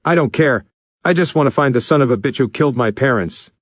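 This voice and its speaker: A man voicing a furious, grieving young male speedster who shouts and seethes. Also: mid-range voice, brisk, no room sound, clean studio sound, lightly acted.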